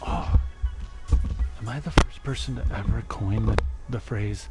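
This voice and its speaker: Streaming a game from his home desk, a man with a lowish voice keeps a measured pace as he rambles playfully and laughs often. It's casual let's-play commentary through a stand-mounted desk mic, with heavy background noise.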